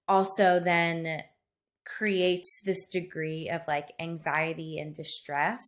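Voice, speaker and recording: A woman with a lowish voice chats on a podcast. She thinks aloud carefully and hedges her words with small fillers. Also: a bit bright. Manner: thoughtful, hedging with "like" and "um". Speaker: podcast co-host. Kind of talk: casual chat.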